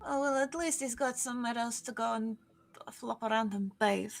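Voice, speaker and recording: A woman's voice: fairly high pitch, normal speed. A woman speaking in character during a tabletop role-playing game, sounding weary and swearing under her breath. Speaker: player.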